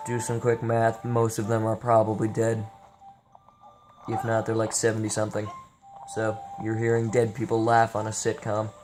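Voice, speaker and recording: A young streamer plays and talks over music, his lowish voice completely flat and a little slow. The commentary is casual and meandering, tired-sounding, with jokes and swearing mixed in.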